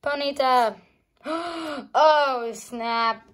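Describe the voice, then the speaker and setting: Excitable high-voiced woman unboxing cards. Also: very slow. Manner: excitable, gasping, keeps calling out to viewers. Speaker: YouTuber opening trading cards. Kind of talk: casual unboxing vlog. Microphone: phone on a charger.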